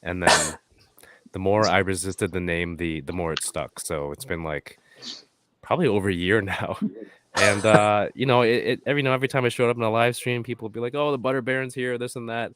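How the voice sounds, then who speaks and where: A man from Canada telling a relaxed, self-amused story on a live-stream video call, with plenty of fillers. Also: fairly low pitch, fairly quick. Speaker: guest toy reviewer.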